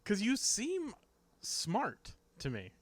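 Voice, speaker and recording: A man co-hosting a podcast in casual chat, reacting quickly and adding teasing asides. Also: high-pitched, huge pitch swings, dry recording, clean studio sound. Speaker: podcast co-host.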